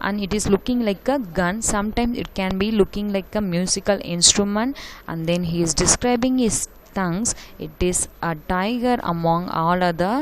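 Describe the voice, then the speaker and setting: A woman's voice: mid-range voice, brisk, a little hiss or hum, poor audio. A woman teacher with an Indian English accent, explaining a prose lesson line by line and repeating herself in simple words. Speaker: school teacher.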